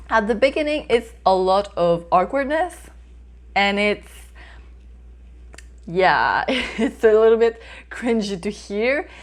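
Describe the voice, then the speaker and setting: Chatty woman reviewing a book. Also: mid-range voice. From North America. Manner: chatty and hesitant, with frequent small laughs. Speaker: book reviewer, channel host. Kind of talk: casual book review vlog.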